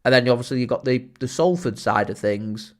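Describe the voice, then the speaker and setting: A man chatting casually as a football fan streaming a watchalong, rambling with many fillers and getting excited when reacting to the play. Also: mid-range voice, brisk. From Greater Manchester, England. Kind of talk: casual watchalong chat with live match reaction.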